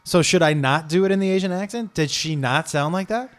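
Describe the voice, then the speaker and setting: A man telling a comedy story in a rambling way. He is animated and keeps jumping into digressions and impressions. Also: on the high side, brisk, faint music behind.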